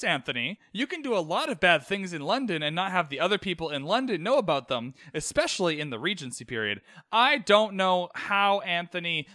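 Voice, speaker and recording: A young man chatting casually as he recaps a TV episode, animated and full of quick asides and mock outbursts. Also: high-pitched, no echo, clean studio sound. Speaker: show reviewer.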